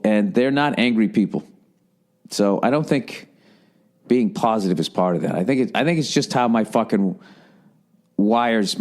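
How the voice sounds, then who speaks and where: A man's voice: lowish voice, darkish tone. A man hosting a podcast, ranting in a casual, profane and rambling way, mocking himself and mimicking other people. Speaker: podcast host. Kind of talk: casual rant.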